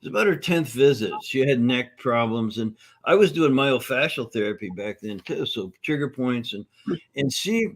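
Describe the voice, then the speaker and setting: A middle-aged man, a nutrition course founder, talking in a conversational interview at a conference event. He is an upbeat, animated storyteller who acts out the voices of the people in his stories. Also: mid-range voice, moderate pace.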